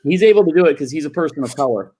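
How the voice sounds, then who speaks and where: A man's voice: a little high, rapid-fire, husky. A man chatting casually on a livestream, joking and swearing casually. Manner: animated, swears casually, jokey.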